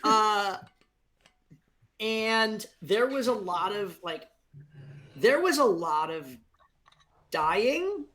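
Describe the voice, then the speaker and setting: A man's voice: high voice, drawn-out words, pauses often. A man on a game stream, explaining his reasoning with lots of fillers and acting out his own reactions. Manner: animated, acts out quotes, hesitant fillers. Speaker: game-night guest player. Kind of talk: casual chat among friends.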